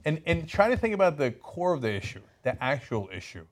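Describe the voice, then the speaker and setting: A man with a slightly high voice talks through political news in a casual, animated way. He mocks the people he discusses and often slips into sing-song impressions of them. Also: a little fast. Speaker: co-host.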